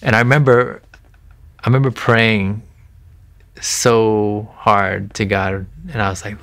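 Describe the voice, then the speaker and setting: Earnest low creaky-voiced man. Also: fairly even intonation, moderate pace, fairly bright tone. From Thai family background. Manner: earnest, many restarts and "you know", "right?". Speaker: interview guest sharing his faith testimony. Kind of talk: casual conversational testimony.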